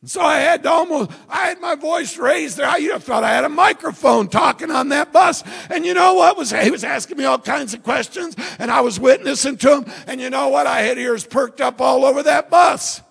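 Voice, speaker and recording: A male preacher delivering a fervent shouted sermon and telling stories to his congregation in a church. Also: very high-pitched, fairly quick, gravelly, few pauses, big-room sound. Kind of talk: evangelistic sermon. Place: church sanctuary.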